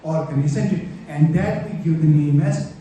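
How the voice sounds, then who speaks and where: A man's voice: fairly high pitch, normal speed, mellow. A man teaching an exam-prep anatomy lecture, explaining step by step and checking in often with rhetorical questions. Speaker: medical lecturer. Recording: very echoey room, distant mic, faint noise.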